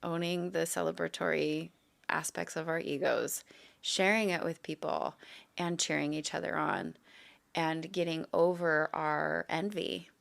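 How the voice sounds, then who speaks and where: A woman's voice: low-pitched, fairly even intonation, a little slow, creaky, fairly bright tone. A woman co-hosting a casual podcast, speaking in a candid, earnest and emphatic way. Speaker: guest co-host, educator.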